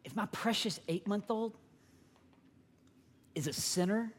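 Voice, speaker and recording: A man, preaching a sermon with emphatic, animated delivery and acted-out quotes. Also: sits high, slow pace, breathy edge. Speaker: pastor.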